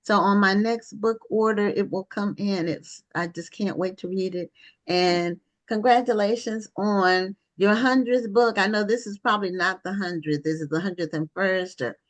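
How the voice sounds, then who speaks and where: Woman host, mid-pitched voice, conversational, affirming, quick asides. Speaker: talk show host. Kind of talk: online talk-show interview.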